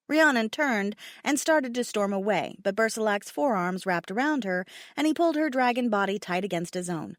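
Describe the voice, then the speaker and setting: A woman reading a fantasy romance audiobook with expressive storytelling narration. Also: mid-range voice, brisk, few pauses, dry recording, studio quality. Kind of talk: scripted narration.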